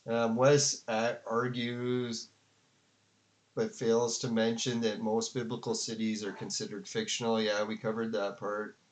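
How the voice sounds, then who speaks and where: A man's voice: fairly low pitch, level tone, unhurried. A man giving casual, rambling commentary on a debate to his viewers, full of fillers and restarts. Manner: rambling, filler-heavy, with frequent "like" and laughs. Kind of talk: casual commentary to a live chat.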